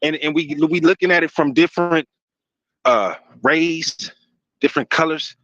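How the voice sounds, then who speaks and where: A man's voice: on the high side, moderate pace, fairly bright tone, no echo, highs cut off. A man in a heated casual debate, slangy and emphatic, calling others bro.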